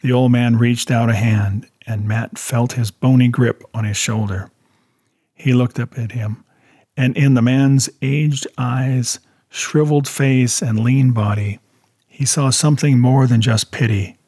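A man narrating a story in a steady audiobook style. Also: mid-range voice, unhurried, slightly rough, no echo, clean studio sound. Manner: steady storytelling, voicing characters.

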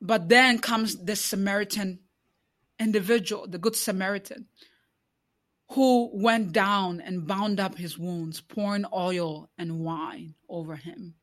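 A woman's voice: medium pitch, fairly even intonation, takes it slowly. A woman speaking in an interview, building into an impassioned preaching cadence with repeated rhetorical questions. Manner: many fillers and restarts. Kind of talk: conversational interview.

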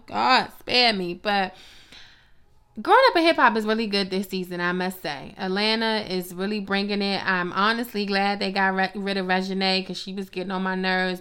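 A woman's voice: medium pitch, clean tone. Sassy profane woman gossiping. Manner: blunt, profane, sassy, animated asides. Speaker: gossip vlogger. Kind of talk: casual reality TV gossip commentary.

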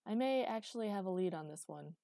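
A woman reading the lines of a big, gruff male commander in an audiobook, in a dry recording. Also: high-pitched, lively intonation, brisk, mellow, no echo. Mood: steady. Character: big deep-voiced calm male commander.

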